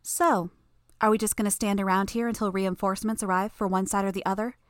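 A woman's voice: mid-range voice, fairly even intonation, fast, no echo, studio quality, natural voice. A woman voicing a cocky, confident teenage superheroine in an audiobook reading, with a breezy, teasing manner. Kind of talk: audiobook character voice.

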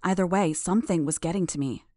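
Reading a first-person audiobook chapter, a woman speaks in a lowish voice with steady, measured delivery. There's no room sound; the recording is completely dry.

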